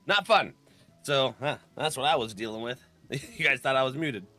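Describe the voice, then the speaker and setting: Guy streaming a game, bright punchy voice, chatty, laughs and clears his throat a lot. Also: mid-range voice, expressive, a little slow, faint music behind. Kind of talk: casual live-stream chat.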